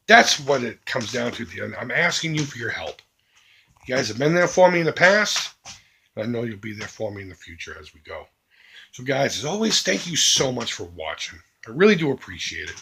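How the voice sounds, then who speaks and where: A middle-aged man making an earnest, emphatic charity appeal to his viewers as a vlogger, swinging between loud and hushed. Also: mid-range voice, very animated, brisk, breathy edge.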